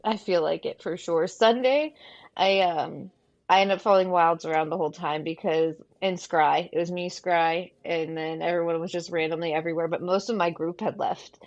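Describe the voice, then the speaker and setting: A woman's voice: fairly low pitch, fairly even intonation, moderate pace, lo-fi sound. A woman as a podcast guest in casual chat, telling a story with frequent swearing and laughter.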